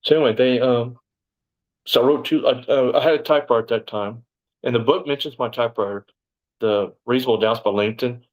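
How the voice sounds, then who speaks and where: A man, an interview guest telling his story in blunt, profane conversation and bursting out loudly when he quotes himself. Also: medium pitch, brisk, muffled recording. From Texas, USA.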